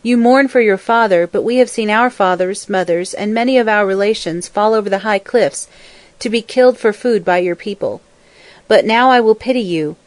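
A woman voicing a solemn male buffalo bull in a folk tale, speaking in a slow, weighty way. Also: medium pitch, no echo, natural voice. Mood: grave.

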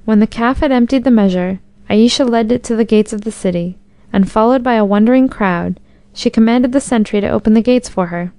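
A woman reads a folk tale aloud in a measured, expressive way. Her voice is pitched a little high, smooth and mellow, recorded close in a dry, quiet space. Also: dry recording. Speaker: narrator. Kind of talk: storybook narration.

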